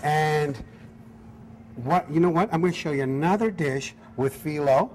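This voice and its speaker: A man's voice: fairly high pitch, measured pace, a little mellow, a little hiss or hum. A man who is a chef, talking through a cooking demonstration in an upbeat, easygoing way. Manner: upbeat, easygoing, apologetic when teased. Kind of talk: cooking demo chat.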